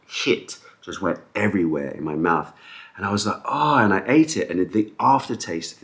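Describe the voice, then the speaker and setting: A man vlogging in a casual storytelling style, rambling through anecdotes with fillers and restarts, acting out the people in them. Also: low voice. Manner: acts out quoted people with raised animated voice.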